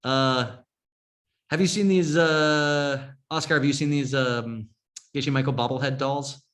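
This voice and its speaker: A man's voice: medium pitch, steady tone, measured pace, a bit bright. A man teaching a yoga and Buddhism class in a casual, chatty way, often checking in with "right?". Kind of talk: informal class talk.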